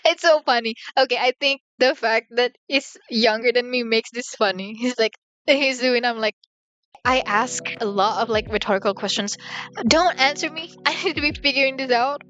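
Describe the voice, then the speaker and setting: A young woman casually reacting to a music video, rambling through excited rhetorical questions and startled yelps. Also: on the high side, moderate pace, highs cut off.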